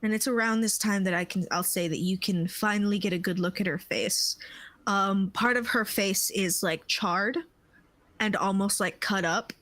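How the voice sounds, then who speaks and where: A woman narrating a tabletop game as game master, unhurried and searching for words. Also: mid-range voice, a bit bright, no room sound, low-quality recording. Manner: unhurried, with many fillers and restarts.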